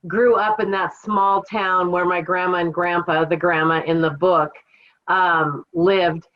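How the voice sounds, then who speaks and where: A woman's voice: mid-range voice, highs cut off. A woman from central Washington State, a podcast guest and author, telling her story in a reflective, storytelling manner. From Kittitas Valley, Washington, USA. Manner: warm, reflective storytelling with fillers. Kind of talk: casual interview storytelling.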